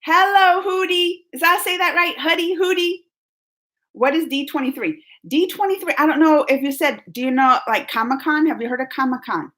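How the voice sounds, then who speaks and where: A woman's voice: on the high side, fairly bright tone. A woman from New Orleans with a Southern accent, chatting casually and giggling as she reads viewer comments on her live stream. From New Orleans, Louisiana, US. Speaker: YouTube host.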